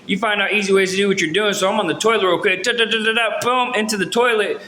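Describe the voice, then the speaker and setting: A man with a high, bright voice tells a story from his own life in a rambling, slangy way, full of fillers and false starts. The room around him is noticeably echoey. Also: fairly even intonation, quick pace, slight background noise. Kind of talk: casual storytelling to camera. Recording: roomy echo.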